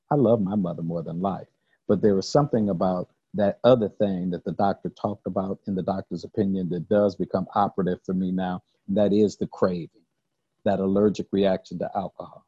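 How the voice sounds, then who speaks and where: Deep gravelly man telling his recovery story. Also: dry recording, muffled recording. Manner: earnest, halting storytelling with repeated words. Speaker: recovery speaker. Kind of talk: personal recovery testimony.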